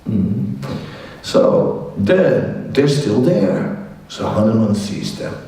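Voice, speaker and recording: Slow mellow monk telling a story. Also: male voice, medium pitch. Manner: animated storyteller, acts out voices, chatty asides. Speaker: monk giving a scripture class. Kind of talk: lecture storytelling. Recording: echoey hall from far off.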